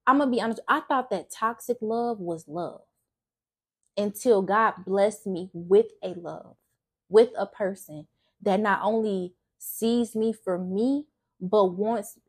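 A young woman talks openly about her faith and her past, earnest and emotional. Her voice is husky and of middle pitch. She speaks casually, often stopping to restart a sentence. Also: slow. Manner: casual speech with frequent restarts. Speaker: faith vlogger. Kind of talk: personal testimony talk.

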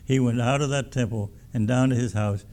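A man's voice: medium pitch, a little fast, darkish tone, a little hiss or hum. A pastor preaching a sermon in a folksy, emphatic way, often repeating his words.

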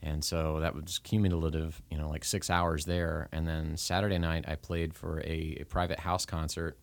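A man's voice: a bass voice, flat delivery, moderate pace, vocal fry, no echo. A man who sings for a living, chatting casually and laughing often. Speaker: singer and musician. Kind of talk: casual chat.

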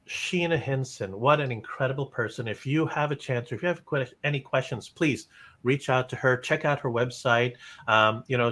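A man hosting an interview podcast, full of praise and stumbling over his words with frequent restarts. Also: medium pitch. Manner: warm praise with many restarts. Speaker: podcast host. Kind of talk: interview chat.

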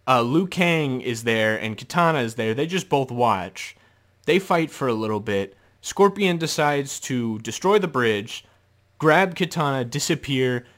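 A man hosting a podcast, reviewing a movie in casual solo chat, animated and laughing often as he slips into mock voices. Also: medium pitch, a little slow. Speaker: podcast host.

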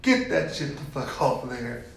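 A man's voice: medium pitch, sing-song, moderate pace, vocal fry. A blunt, teasing man chats on a podcast, swearing freely and ribbing his co-host. He sits at a studio mic with headphones on. The room is very echoey, with a faint hiss underneath. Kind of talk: casual chat.

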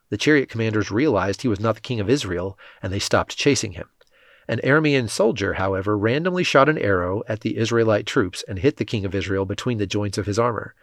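A man giving a measured, scripted Bible reading, lightly voicing the quoted speech. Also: on the low side, dry recording, clean studio sound. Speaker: scripture reader.

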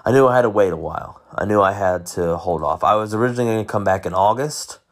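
Male podcast host, deep voice, loose unscripted solo chat full of false starts. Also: quick pace. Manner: rambling, many restarts and self-corrections. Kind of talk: casual solo monologue.

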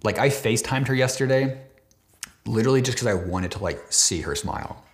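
A man's voice: medium pitch, fairly quick. A man of twenty-nine talking casually and emotionally to camera, rambling with many fillers and restarts, swearing now and then, choked up at times. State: near tears, choked up at times. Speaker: vlogger. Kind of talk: casual heartfelt talk to camera.

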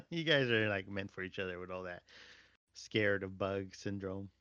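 A man's voice: low-pitched, slow, bright, forceful tone, clear, resonant tone, no echo. A young man co-hosting a podcast, teasing his friend and laughing through casual stories. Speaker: podcast co-host. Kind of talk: casual chat. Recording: dull lo-fi dry sound.

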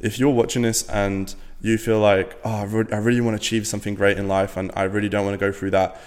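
Young man, twenties, from Latvia, deep voice, blunt casual talk, swears a lot, echo from a large room. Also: flat delivery, quick pace. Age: 20s. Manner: blunt, swears freely, many fillers. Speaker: podcast guest.

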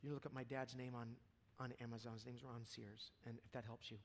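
Guy preaching to a church crowd, medium voice, goes real quiet then gets loud and worked up. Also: medium pitch, level tone, brisk, gravelly, slight background noise. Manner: casual preaching, swings from hushed to loud and fervent. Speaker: pastor. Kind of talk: sermon. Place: church hall with audience.

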